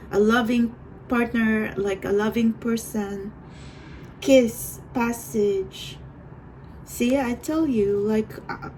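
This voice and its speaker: A woman's voice: a little high, darkish tone, a little hiss or hum, poor audio. A woman doing a tarot reading for viewers, rambling and hesitant, with many restarts. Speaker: tarot reader.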